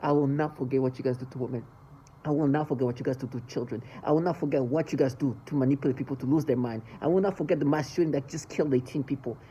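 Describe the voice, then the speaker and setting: A vlogger speaking in an emotional monologue, agitated and swearing, swinging between loud bursts and low mutters. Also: racing, husky, dull audio.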